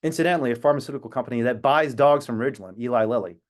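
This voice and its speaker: A man talks earnestly over a video call, winding through a personal story with reflective tangents. His voice sits at an ordinary middle pitch, neither high nor low. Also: racing. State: emotional at times. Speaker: activist speaker.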